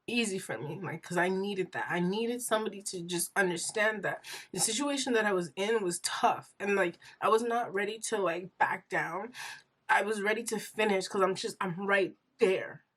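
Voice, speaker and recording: A woman's voice: mid-range voice, fairly bright tone. A young woman vlogger telling her personal story in an earnest, rambling way, full of fillers and close to tears.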